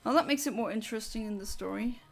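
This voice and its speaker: A woman's voice: fairly high pitch, fast, gravelly, faint music behind. A woman chatting casually with her viewers during a game livestream, rambling and answering chat. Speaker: streamer.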